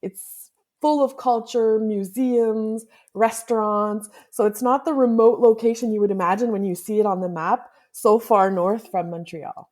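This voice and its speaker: A woman's voice: on the high side, fairly even intonation, measured pace, darkish tone. Friendly woman from Quebec as guest. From Quebec, Canada. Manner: friendly, explanatory, teasing. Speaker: travel blogger guest. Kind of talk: podcast interview.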